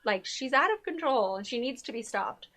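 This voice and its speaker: A young woman talks through a TV episode with a friend, animated and quick to act out what the characters said. Her voice sits high and sounds bright and forward. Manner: animated retelling, acting out characters' lines; says "y'all". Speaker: co-host of a TV recap show. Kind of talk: casual chat.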